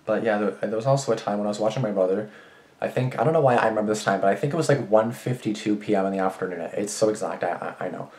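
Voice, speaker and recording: Deep fast-talking young man rambling. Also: darkish tone. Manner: rambling, restarts often, swears a lot. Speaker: vlogger. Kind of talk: casual rambling storytelling. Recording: roomy echo.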